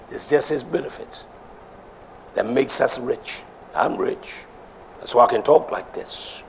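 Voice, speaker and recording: A male preacher gives an emphatic sermon, swinging from shouts down to low murmurs and repeating phrases for emphasis, with slight background noise audible.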